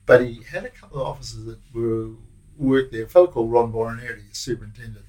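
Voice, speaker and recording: This former prison officer, an older man with an Australian accent, talks fast in a mid-range, somewhat dark voice with fairly even intonation. He spins loose, slangy stories in a casual interview, breaking off and starting over. The recording is rough.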